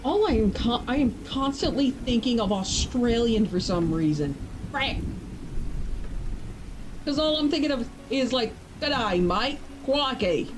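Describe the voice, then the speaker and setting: A woman's voice: fairly high pitch, lively intonation, a little slow, long pauses, a little mellow, rough recording. A woman streaming from home, chatting casually and talking to herself as she works. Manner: rambling, self-talking, distracted. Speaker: streamer and author. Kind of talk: casual live-stream chat.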